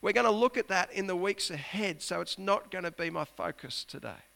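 Earnest gravelly-voiced male pastor preaching. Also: high voice, a little fast. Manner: earnest, rising to emphatic peaks and dropping to hushed whispers. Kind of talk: sermon.

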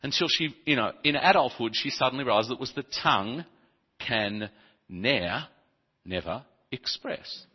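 A man preaching a sermon, telling funny childhood stories with some stumbles and speaking softly in the reflective passages. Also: mid-range voice, normal speed, husky. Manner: humorous, animated storytelling with stumbles. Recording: dull, reverberant hall recording.

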